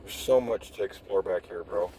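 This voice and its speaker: A man's voice: low voice, moderate pace, noisy background. A young man streaming live from a phone while driving, chatting casually in a rambling, profane way that often trails off mid-sentence. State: out of breath.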